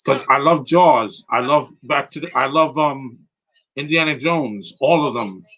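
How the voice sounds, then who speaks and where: A man's voice: medium pitch, a little slow, sharp tone, lo-fi sound. A man giving a casual, rambling live commentary on a film, emotional and close to tears. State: teary, close to crying. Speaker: movie commentator.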